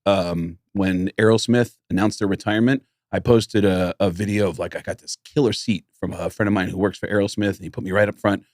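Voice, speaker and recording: A middle-aged man, a comedian co-hosting a podcast, chatting casually and telling stories with lively put-on voices. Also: fairly quick, hardly any pauses, no echo, studio quality. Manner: animated, jumps into high quoted voices when retelling stories. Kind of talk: casual chat, storytelling.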